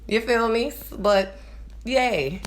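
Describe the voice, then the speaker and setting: A woman's voice: a little high, very slow. A woman in her forties with a nasal New Orleans accent, rambling to her viewers in a casual monologue and often checking in with "you understand?". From New Orleans, USA. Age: 40s. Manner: rambling, repeats "you understand?", swings between loud and quiet. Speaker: vlogger.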